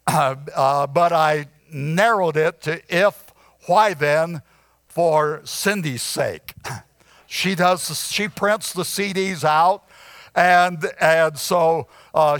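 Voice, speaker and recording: A pastor preaching an evening sermon in church, often clearing his throat and restarting his sentences. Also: on the high side, fairly bright tone, no echo.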